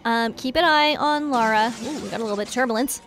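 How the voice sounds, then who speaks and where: Bubbly high-voiced woman gaming host. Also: fast, faint music behind. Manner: bubbly, excitable, giggly. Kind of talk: game commentary.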